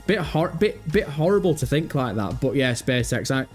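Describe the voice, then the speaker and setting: A man's voice: medium pitch, animated, normal speed, soft background music. A man hosting a casual live stream, talking animatedly, thinking aloud and swearing freely.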